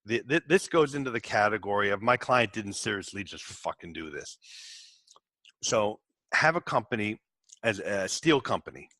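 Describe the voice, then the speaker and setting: A man hosting a podcast for tax professionals, telling candid work stories in a casual way, cursing now and then and acting out quick exchanges with his clients. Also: fairly low pitch, sharp tone, no echo. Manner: candid, swears, acts out clients in quick asides. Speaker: tax resolution podcast host. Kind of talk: casual storytelling to fellow practitioners.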